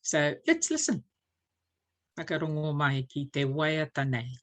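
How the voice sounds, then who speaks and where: A woman presents a church language series, teaching Māori pronunciation through spoken examples. Her voice sits low with big pitch swings, and she explains things unhurriedly with lots of fillers.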